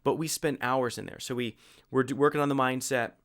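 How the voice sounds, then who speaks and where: Animated man telling a story. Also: medium pitch, fairly quick. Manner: animated, full of fillers and restarts. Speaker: host. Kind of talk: casual storytelling.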